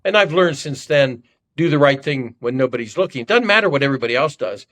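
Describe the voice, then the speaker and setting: A man's voice: mid-range voice, animated, quick pace, a bit bright. An older man from Ohio, a podcast guest telling self-deprecating, rambling stories in casual conversation. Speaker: podcast guest, former congressman. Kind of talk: conversational storytelling.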